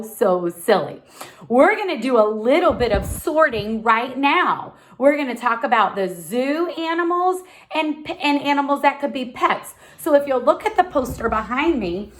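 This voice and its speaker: A woman leading a preschool lesson, drawing out her words at a slow, patient pace. Her pitch swoops up and down in a lively, sing-song way, and she keeps her instructions encouraging and simple for little ones. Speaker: preschool teacher. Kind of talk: online lesson for young children.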